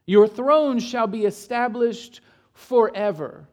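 A pastor with a voice that sits high preaches in an unhurried, conversational storytelling way, posing rhetorical questions to the congregation and shifting between hushed and emphatic delivery.

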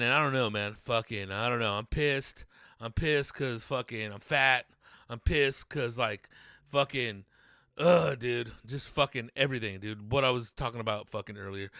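A man's voice: mid-range voice, moderate pace, fairly bright tone, no echo. Man, solo podcast host, loose profane rambling, dry close sound. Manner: loose, rambling, swears a lot, says dude and man. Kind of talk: casual solo podcast chat. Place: home studio room.

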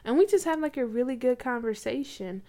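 A woman's voice: a little high, lively intonation, a little fast, warm tone. A woman in her twenties casually telling a personal faith story, chatty, with lots of likes and you knows. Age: 20s.

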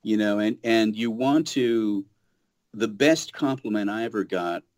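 A man's voice: lowish voice, unhurried. A man, a voice actor and audiobook narrator, chatting casually as a guest and telling stories with lots of restarts. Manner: animated storyteller, many restarts. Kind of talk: casual interview chat. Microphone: home studio booth.

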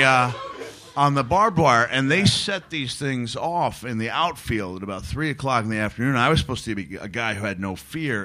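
A middle-aged man, a guest on a live podcast, telling animated stories and laughing often as he mimics other people. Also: lowish voice. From United States. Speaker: guest, wrestler turned comedian. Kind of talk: live podcast chat, storytelling.

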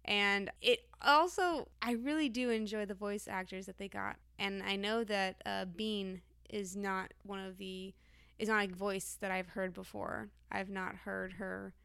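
Crisp-voiced woman giving wry commentary. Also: medium pitch, steady tone, measured pace, a bit bright, no room sound, clean studio sound. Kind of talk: casual review chat.

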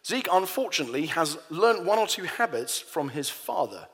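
A man's voice: on the high side, very animated, normal speed, a bit bright, slightly rough, big-room sound. A pastor preaching a sermon in a conversational way, telling personal stories to his congregation.

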